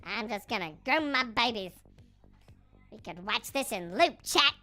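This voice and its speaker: A woman's voice: a little high, animated, a little slow, pushed and bright, soft background music. A woman voicing a doting mother cheetah in a cooing, sing-song way. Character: doting mother cheetah, fierce but tender.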